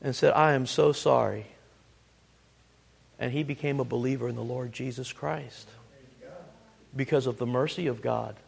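A man's voice: mid-range voice, fairly even intonation, moderate pace, creaky, long pauses, slightly rough. A man preaching a sermon, repeating words as he builds to emphatic points and reading scripture aloud in old-fashioned wording.

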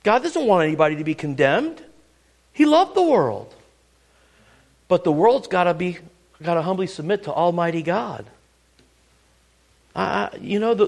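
A gravelly middle-aged man preaches, dropping frequent cues of "listen" and "ready?" and shifting dramatically between booming passages and hushed remarks.

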